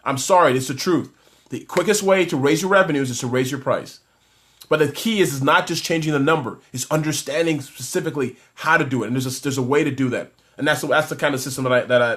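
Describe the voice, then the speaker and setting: A business coach from Toronto, Canada, runs a live stream and reads out viewer comments energetically, restarting often. His voice is medium in pitch with a fairly bright tone.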